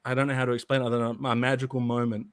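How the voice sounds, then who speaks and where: A man's voice: medium pitch, flat delivery, very fast, dry recording. Rambling man in casual chat, dry sound. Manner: rambling, laughing often, restarting sentences. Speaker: podcast co-host.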